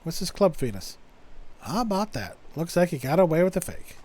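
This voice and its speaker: A man's voice: on the high side, very animated, fairly quick, warm tone, husky. A young man streaming a game, making wry, joking asides on a close microphone. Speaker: let's play streamer. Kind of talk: game commentary.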